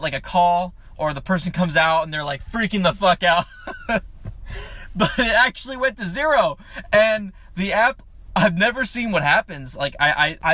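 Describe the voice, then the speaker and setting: A young man who drives for food delivery, telling a profane, animated story about a late-night drop-off, recorded on a handheld phone outdoors at night. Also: high-pitched. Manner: profane, animated retelling with laughs. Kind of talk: casual storytelling vlog. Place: outdoors at night near apartment buildings.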